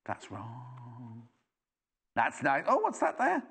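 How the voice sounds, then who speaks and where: A man's voice: medium pitch, wildly swooping pitch, slow, vocal fry, fairly bright tone, slight background noise. A British man presenting live on a TV shopping channel, chatty and enthusiastic with rambling asides.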